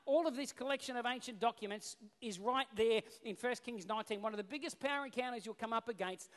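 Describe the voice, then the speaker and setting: Male pastor, casual storytelling sermon, high voice, long hall reverb. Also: fast talker, fairly bright tone.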